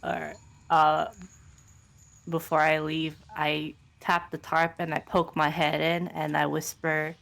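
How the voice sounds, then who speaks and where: A woman's voice: sits low, completely flat delivery, slow pace, gravelly, fairly bright tone. A woman playing in a tabletop game, talking in a playful, questioning way. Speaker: player. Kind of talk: tabletop role-play chat.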